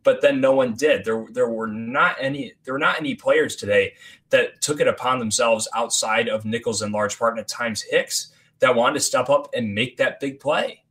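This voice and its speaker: A man's voice: mid-range voice, moderate pace, a bit bright. A man co-hosting a sports podcast, building his point carefully with examples. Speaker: podcast co-host.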